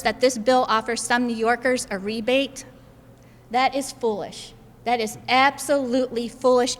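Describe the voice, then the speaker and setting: A woman delivers a floor speech, hammering each point home by repeating it. Her voice sits a little high. It rings out with a long echo across a large chamber. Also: fairly bright tone. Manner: emphatic, repeats points for stress. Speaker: state senator.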